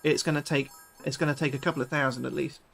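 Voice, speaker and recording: Gravelly British streamer, swearing freely. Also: male voice, a little high, fast talker, faint music behind. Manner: chatty, excitable, swears freely. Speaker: livestreamer. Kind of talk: live gameplay commentary chatting with viewers.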